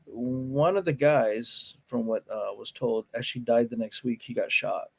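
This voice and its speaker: This man's voice sits in the mid range, creaky and slightly rough, and he speaks without hurrying. He's a martial arts teacher guesting on a podcast, spinning stories in relaxed chat with plenty of swearing, frequent laughter and impressions of what people told him.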